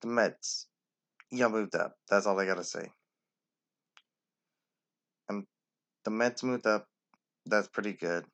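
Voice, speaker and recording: A man's voice: lowish voice, slow, long pauses, a bit bright. Give me an opinionated man doing casual sports rankings, bluntly addressing each team. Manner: opinionated, blunt, talks straight to the teams. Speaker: sports commentator.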